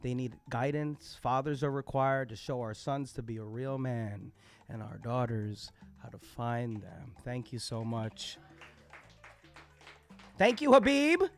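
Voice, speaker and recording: A man hosting a live poetry open mic, recapping each performer's lines and thanking them, animated and quick to laugh. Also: medium pitch, faint music behind. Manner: animated, laughing, quoting performers with shouted bursts. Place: poetry cafe venue, live.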